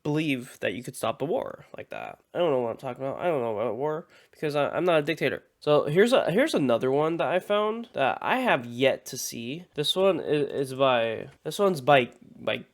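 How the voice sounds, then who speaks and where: A man's voice: medium pitch, animated, normal speed, few pauses. A man reacting in a casual vlog, sounding groggy and sick, rambling, apologizing and joking. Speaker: YouTube reactor.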